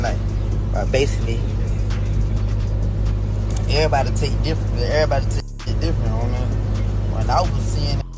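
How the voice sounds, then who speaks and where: A man speaking casually in an interview clip, relaxed and slangy, often repeating himself. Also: mid-range voice. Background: loud music.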